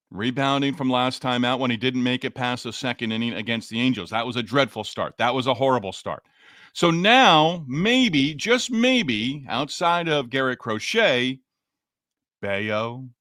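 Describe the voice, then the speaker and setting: A man hosting a solo sports podcast, talking straight to listeners in an energetic, emphatic way. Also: mid-range voice, dry recording, studio quality. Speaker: podcast host.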